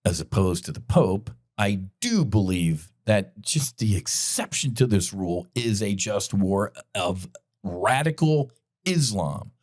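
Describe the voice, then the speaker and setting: A man's voice: on the low side, very animated, slow, a little mellow. A middle-aged man hosting a podcast, delivering an impassioned, blunt commentary monologue with frequent profanity and direct appeals to his listeners. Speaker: podcast host.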